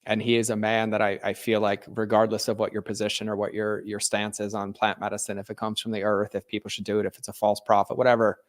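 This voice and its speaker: Low flat-voiced man telling his story. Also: fast, few pauses. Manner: earnest, frequent "like" fillers and restarts. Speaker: podcast guest, entrepreneur. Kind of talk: candid personal storytelling.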